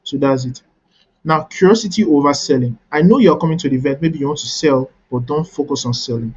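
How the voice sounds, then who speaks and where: A man's voice: on the high side, a little fast, a little mellow, husky, dull audio. A man coaching a webinar audience on networking, teaching step by step and checking in with "right?" after key points.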